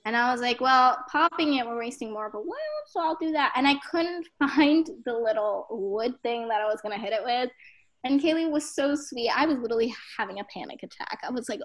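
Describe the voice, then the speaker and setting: Young woman guest, high voice, laughs a lot while she talks, says like constantly. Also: brisk, a bit bright. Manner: giggly, chatty, lots of "like". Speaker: podcast guest. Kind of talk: casual storytelling.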